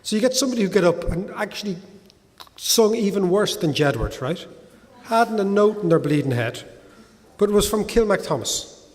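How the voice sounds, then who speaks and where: A middle-aged man with a Dublin Irish accent, speaking to an audience in a lively, conversational way, peppering points with "right?". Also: high voice, moderate pace. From Ireland. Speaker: guest speaker. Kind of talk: talk with audience Q&A. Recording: hall reverb.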